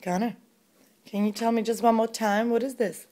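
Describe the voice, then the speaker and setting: A woman's voice: on the high side, steady tone, moderate pace, warm tone. Coaxing mother talking to her toddler. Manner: sing-song, encouraging baby talk. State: pregnant. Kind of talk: home video, coaxing a toddler.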